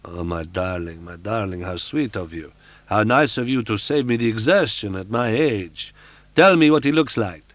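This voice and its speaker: A man's voice: lowish voice, lively intonation, moderate pace, no room sound, close to an everyday voice. A man voicing a volatile, jealous masked monster man in an audiobook, switching from mock tenderness to angry roaring. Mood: mocking sweetness. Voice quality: sudden angry roar.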